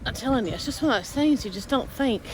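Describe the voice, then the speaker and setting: A woman's voice: a little high, expressive, fast talker, noisy background. A woman in her forties talking candidly in a personal vlog, rambling with many fillers. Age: 40s. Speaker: vlogger.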